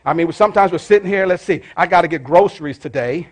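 A middle-aged man preaching a sermon in church, calling out to the congregation and dropping to hushed prayer. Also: on the high side, quick pace. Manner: call-and-response preaching, rising to shouts and dropping to hushed prayer. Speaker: pastor.

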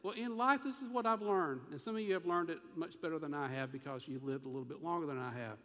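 Animated high-voiced preacher, reverb. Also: male voice, fast talker. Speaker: pastor. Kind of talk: sermon. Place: church sanctuary. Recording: long reverb of a church sanctuary.

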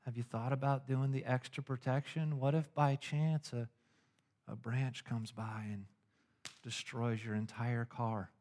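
Guy doing a soft sneaky car salesman voice, all coaxing and upsell-y. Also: on the high side, level tone, fast talker, hardly any pauses, lightly acted. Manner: coaxing, hushed and persuasive. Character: smooth-talking male car salesman upselling extras.

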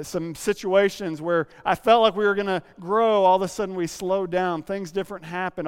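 A pastor preaching a sermon, telling a personal story in a confessional way with frequent restarts. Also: male voice, high-pitched, clear, resonant tone. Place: church sanctuary. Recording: long hall reverb.

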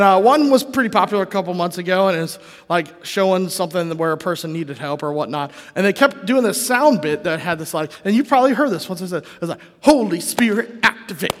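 A man's voice: very high voice, fairly bright tone. A man preaching a sermon in a casual, conversational way, often asking the congregation questions. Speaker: pastor. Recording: long reverb of a large hall.

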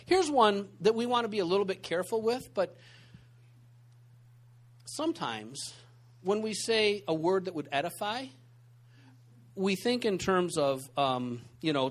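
A man teaching a church group in an informal sermon, telling stories in a conversational, animated way full of asides. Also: high voice, moderate pace. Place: church meeting room.

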